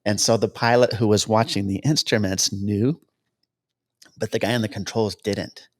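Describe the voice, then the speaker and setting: A man with a lowish voice tells stories as a podcast guest, plainly and casually. He slips into the voices of the people he quotes, jumping higher in pitch to play them out. It sounds like easygoing chat rather than a prepared talk. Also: normal speed. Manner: anecdotal, acts out quoted dialogue with lively pitch jumps. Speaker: guest, helicopter cameraman. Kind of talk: casual storytelling interview.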